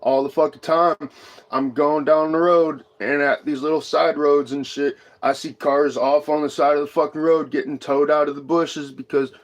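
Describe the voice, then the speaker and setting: A high-strung man hosts his own livestream, swearing freely as he rants to the chat. His voice sits a little high for a man, and he talks in a loose, casual way. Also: flat delivery, moderate pace. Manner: profane, ranting, high-strung. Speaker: livestream host.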